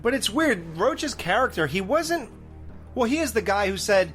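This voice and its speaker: Animated man chatting about a movie. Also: sits high, moderate pace, faint music behind. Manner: animated, laughs often, acts out movie lines. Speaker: podcast co-host. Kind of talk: casual movie review chat.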